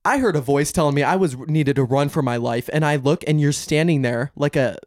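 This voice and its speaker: A woman hosting a casual podcast chat in a bathroom, telling stories in animated bursts. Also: low voice, fairly quick, no room sound, studio quality. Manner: animated storytelling with bursts of exclamation. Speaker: podcast host.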